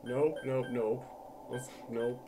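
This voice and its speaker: A man playing a game on a let's-play, joking dryly and quickly dismissing options. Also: mid-range voice, steady tone, distant mic, background noise. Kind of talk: casual gaming commentary. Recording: voice from off-mic with game music.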